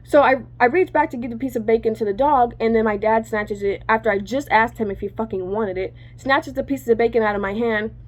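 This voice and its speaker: A woman's voice: on the high side, steady tone, fairly quick, hardly any pauses. A woman telling a personal story to her viewers in casual chat, rambling and correcting herself, cursing freely.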